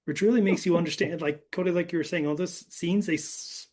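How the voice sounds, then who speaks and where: A man's voice: sits high, fairly even intonation, a little fast, darkish tone. A man hosting a podcast, recapping a film in a loose, rambling way with lots of fillers. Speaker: podcast host. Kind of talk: casual movie discussion.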